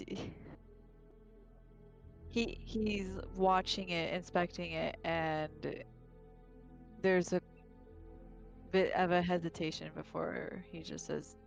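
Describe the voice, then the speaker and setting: A woman narrating a tabletop game as game master in a relaxed way, with small hesitations. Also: fairly low pitch, creaky.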